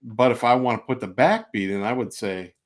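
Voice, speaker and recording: Middle-aged male music teacher on a livestream, easygoing, mid-pitched, casual explainer. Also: brisk. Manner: relaxed, chats and sings rhythm syllables to show beats. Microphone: home livestream mic.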